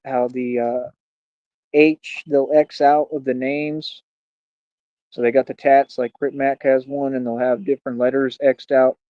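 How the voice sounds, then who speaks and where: A man's voice: medium pitch, dry recording, lo-fi sound. A man in his thirties hosting a livestream, ranting boastfully and confrontationally at his critics. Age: 30s. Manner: boastful, confrontational, talks fast. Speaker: streamer and radio show host. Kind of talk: livestream rant.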